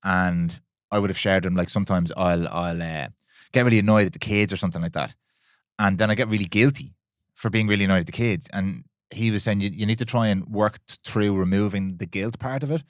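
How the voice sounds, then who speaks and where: A man's voice: lowish voice, a little fast, no echo, clean studio sound. A man with an Irish accent co-hosting a casual podcast, thoughtful and reflective. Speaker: podcast co-host.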